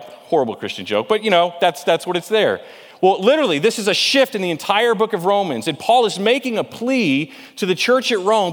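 A man's voice: sits high, long reverb tail. A man preaching a sermon in a conversational way, asking rhetorical questions and often repeating words as he goes. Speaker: pastor.

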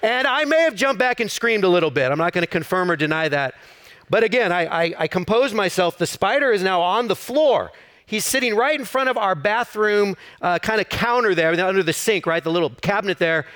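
A man's voice: high-pitched, animated, brisk, fairly bright tone, clear, resonant tone. A middle-aged man, a campus pastor, preaching a sermon in an easy storytelling way with self-deprecating humor.

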